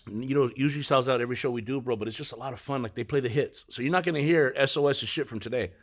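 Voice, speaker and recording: Brief: quick-talking middle-aged man, agent in a loose chat, lively storyteller who cusses a lot. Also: mid-range voice. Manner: fast, animated storyteller, swears freely. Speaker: music agent. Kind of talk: casual interview chat.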